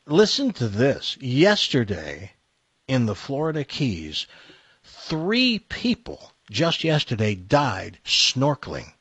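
Man, radio host, lively rising and falling voice, slightly husky, dry studio sound. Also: mid-range voice, takes it slowly, dry recording. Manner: jokey, chatty, reads promos. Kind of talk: casual studio banter.

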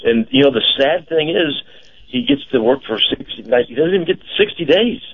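A man co-hosting a casual radio show. He talks in a halting, chatty way with many fillers. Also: fairly high pitch, big pitch swings, creaky, breathy edge. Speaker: radio co-host and car dealer. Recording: dull lo-fi radio broadcast.

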